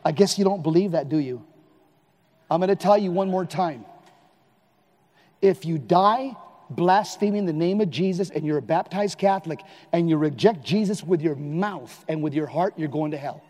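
A man giving a live Catholic preaching talk in a large hall, animated and emphatic, sometimes shouting. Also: fairly high pitch, normal speed. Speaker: Catholic lay speaker.

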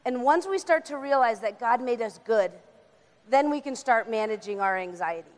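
A young woman giving an animated faith-based talk on anxiety, acting out little voices as she explains. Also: a little high, moderate pace. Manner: animated, acts out voices of God and the brain. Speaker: speaker. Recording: reverberant hall.

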